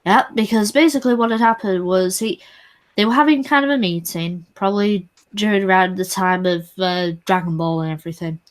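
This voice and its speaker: A woman's voice: mid-range voice, fairly quick. A woman chatting on a livestream, giving firm, opinionated commentary. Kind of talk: casual chat on a livestream.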